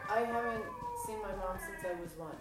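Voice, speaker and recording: A woman telling blunt, profanity-laced stories in a casual chat, animated when retelling. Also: mid-range voice, brisk. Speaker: mother telling stories while gaming. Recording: echoey room, far from mic, background noise.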